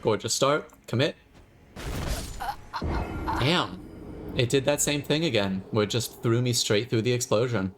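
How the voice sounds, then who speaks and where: A man's voice: medium pitch, measured pace, long pauses, music in the background. A man streaming a video game, joking, theatrical and profane as he retries. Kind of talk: gaming livestream commentary.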